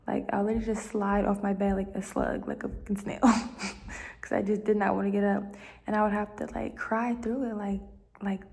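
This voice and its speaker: A woman's voice: mid-range voice, little pitch movement, normal speed, vocal fry, a little mellow. A young woman talking at home in a casual, heartfelt monologue, rambling with many fillers and dropping into near-whispers. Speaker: vlogger giving life advice.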